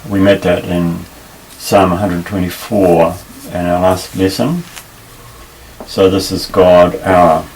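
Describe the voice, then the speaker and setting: A very deep-voiced man talks slowly through a Hebrew language lesson, pausing and restarting as he explains. He sits a little back from the microphone. A faint hiss of room noise runs under his voice. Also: darkish tone, far from the mic, poor audio. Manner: unhurried, halting, with frequent fillers and restarts. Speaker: Hebrew teacher.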